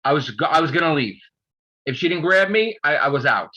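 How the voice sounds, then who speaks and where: A man's voice: fairly high pitch, expressive, a little fast, sharp tone, poor audio. A man in casual chat, ranting with heavy profanity. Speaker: podcast host.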